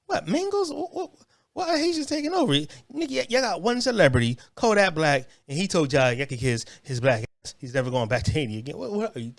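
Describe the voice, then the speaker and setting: A man's voice: sits high, sing-song, fast, vocal fry, dry recording, clean studio sound. A brash American man hosting a podcast, mocking and taunting in a heated rant and stumbling over repeated words. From United States. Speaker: podcast host reacting to clips.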